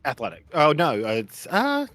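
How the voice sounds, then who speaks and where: A man running a tabletop game as game master, making easygoing rulings with frequent quick affirmations. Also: a little high, huge pitch swings, a bit bright, dry recording.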